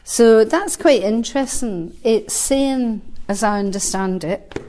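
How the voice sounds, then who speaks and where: A woman's voice: on the high side, takes it slowly, mellow. A woman in her sixties, a Buddhist teacher, giving a dharma talk to a live group at a centre. She talks conversationally with light humor, thinking aloud between verses she reads out.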